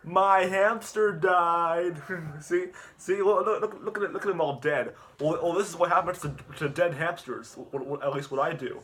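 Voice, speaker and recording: A man voicing a cocky young male prank YouTuber with a shouty, exaggerated manner. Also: on the high side, moderate pace, a little hiss or hum, pitched above the performer's own voice, natural voice. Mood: boastful.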